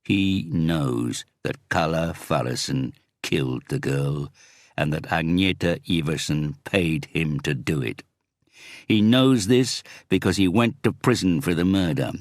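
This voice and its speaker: A man voicing a cold, pressing police chief inspector in an audiobook, speaking in a measured, icy way. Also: extremely low pitch, no room sound, studio quality. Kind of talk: audiobook character reading.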